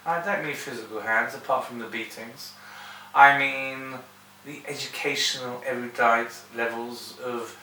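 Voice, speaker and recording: A man's voice: medium pitch, sharp tone. A man ranting in a sardonic, digressive monologue. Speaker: vlogger. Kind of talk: rambling monologue to camera. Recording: roomy room, distant mic, faint hiss.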